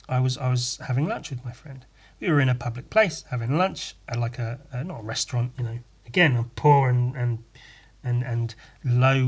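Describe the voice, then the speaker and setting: Husky guy telling a story on his podcast, swears a lot, keeps restarting himself. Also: medium pitch. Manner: rambling, sweary, self-deprecating, with many restarts. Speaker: podcast host. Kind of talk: casual solo podcast monologue.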